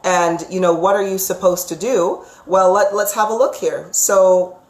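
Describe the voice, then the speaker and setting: A woman's voice: on the low side, fairly even intonation, unhurried. Affectionate psychic woman in an echoey room. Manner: affectionate, calls viewers sweetheart; chatty and rambling, with frequent fillers and restarts. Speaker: psychic reader. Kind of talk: live-streamed psychic reading.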